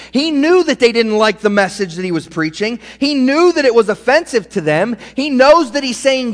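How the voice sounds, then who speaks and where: A man's voice: very high voice, expressive, moderate pace. A man preaching a sermon as pastor, earnest and direct, speaking straight to his listeners. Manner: earnest, direct, addresses the congregation. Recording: long hall reverb.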